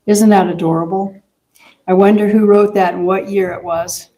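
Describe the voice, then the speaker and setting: A woman minister giving a gentle, chatty sermon in a church and laughing often. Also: medium pitch, fairly even intonation, moderate pace. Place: church sanctuary.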